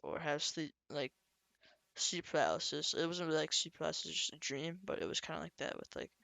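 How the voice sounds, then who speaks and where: A young man co-hosting a casual podcast chat, talking haltingly and trailing off with "so". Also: on the high side, vocal fry, pushed and bright, no room sound. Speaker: podcast co-host.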